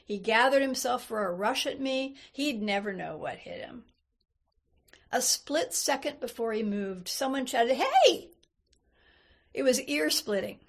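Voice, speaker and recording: A woman reading a first-person story aloud in a measured, unhurried way. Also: a little high. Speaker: reader. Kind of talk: storybook narration.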